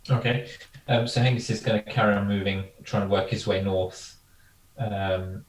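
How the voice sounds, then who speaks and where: Low-voiced guy thinking out loud in a tabletop game, roomy echo, faint hiss behind. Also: steady tone, normal speed. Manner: tentative, thinking aloud. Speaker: player. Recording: echoey room, distant mic, faint noise.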